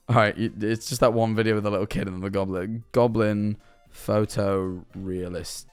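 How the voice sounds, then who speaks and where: A man's voice: fairly low pitch, steady tone, normal speed, smooth, soft background music. A young man chatting on a live stream, rambling through absurd hypotheticals and answering his chat. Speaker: livestreamer.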